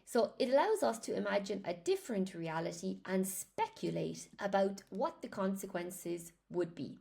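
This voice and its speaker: A woman's voice: mid-range voice, big pitch swings, moderate pace, gravelly, mellow. A woman teaching English in a chatty live lesson, greeting viewers by name as she explains grammar.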